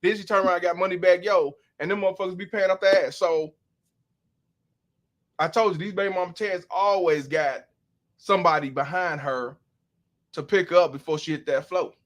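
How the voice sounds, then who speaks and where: With a high voice and fairly even intonation, a livestream host swears his way through commentary on a clip, his slang drawn-out and preachy, pausing to read out donations from viewers.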